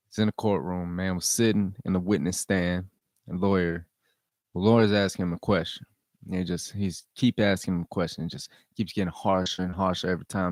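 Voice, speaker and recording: Deep gravelly dude ranting on his vlog, cussing, hammering his point, super dry audio. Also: darkish tone, dry recording. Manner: blunt, profane, repeats points for emphasis. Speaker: vlog host. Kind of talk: casual rant commentary.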